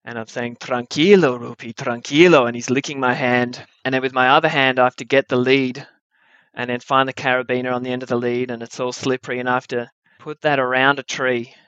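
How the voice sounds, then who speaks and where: Before a live audience, a young storyteller at a story slam recounts a true adventure, wry and animated, with easy comic timing. His middle-pitched voice is brisk and smooth, and the recording is slightly muffled and dry, without room echo.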